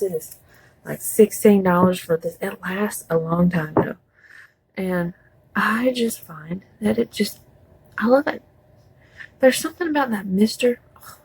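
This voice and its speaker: A woman's voice: medium pitch, creaky, warm tone, slightly rough, dry recording, low-quality recording. A woman chatting casually through a makeup tutorial, rambling with folksy asides. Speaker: beauty vlogger.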